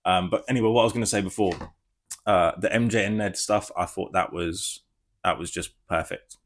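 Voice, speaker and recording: Guy rambling thru a spoiler review, gets worked up, swears a lot, lowish voice. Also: brisk. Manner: excitable, rambling, swears freely. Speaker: film reviewer.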